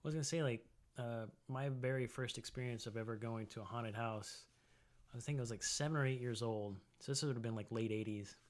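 A man in his forties from Tennessee, co-hosting a podcast and telling a story in loose casual chat, full of "like" fillers, jumping into a high voice for quotes. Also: fairly quick. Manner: rambling, lots of "like" fillers, acts out quotes in a high voice. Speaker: podcast co-host.

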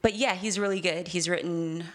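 A woman's voice: lowish voice, moderate pace. A woman co-hosting a podcast, chatting casually and enthusiastically, often trailing off mid-sentence. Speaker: podcast co-host. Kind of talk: casual chat.

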